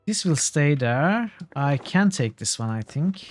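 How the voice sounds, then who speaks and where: A man thinks aloud while he streams a game, in a loose, casual way. His voice sits a little high and his intonation is very lively. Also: a little slow. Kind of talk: casual gameplay commentary.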